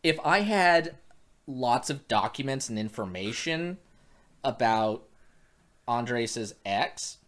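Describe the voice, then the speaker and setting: Animated man telling a story. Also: mid-range voice, slow pace. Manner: animated, acts out quoted dialogue with many restarts. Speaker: private investigator. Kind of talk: casual storytelling chat.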